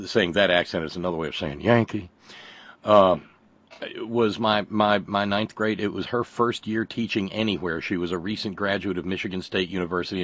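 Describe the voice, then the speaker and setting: A man hosting a radio call-in show, chatting in a halting, wry way and often repeating his words. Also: low-pitched, a bit bright. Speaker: radio talk show host. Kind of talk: casual call-in chat.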